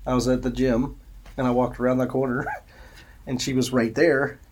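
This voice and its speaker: A man's voice: mid-range voice, little pitch movement, normal speed. A man from Illinois co-hosting a podcast, telling stories bluntly with laughs in casual chat. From Alton, Illinois. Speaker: podcast co-host.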